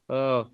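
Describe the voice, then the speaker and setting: A man directing voice actors in a recording session, giving rambling instructions full of fillers over a video call. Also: dull audio.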